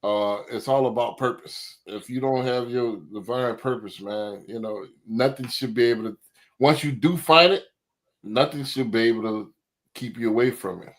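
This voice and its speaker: A man's voice: mid-range voice, normal speed. A man with a mid-range voice talks in a casual chat. His delivery is loose and reflective, with many fillers as he works toward his point.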